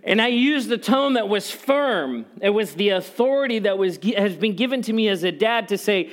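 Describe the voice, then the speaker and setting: A man's voice: sits high, animated, moderate pace, few pauses. A man preaching a sermon in a conversational way, telling personal stories with humor and repeating key phrases for emphasis. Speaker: pastor.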